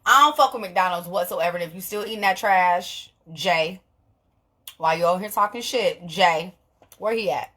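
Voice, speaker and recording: A young woman, talking straight to camera in a casual vlog, blunt and animated, swearing freely and laughing often. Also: fairly low pitch, normal speed. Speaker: vlogger.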